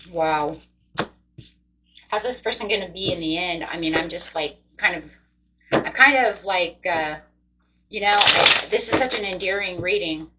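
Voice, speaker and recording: A woman's voice: fairly low pitch, measured pace, long pauses, noisy background. A woman doing a casual tarot reading, talking straight to her viewers in a chatty, emotive way. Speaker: tarot reader.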